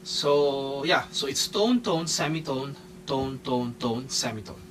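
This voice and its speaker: A man's voice: medium pitch, expressive, slow pace, a little hiss or hum. A man giving a keyboard lesson, explaining step by step in slightly non-native English and often checking in with "okay?". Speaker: music teacher. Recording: distant mic with loud piano.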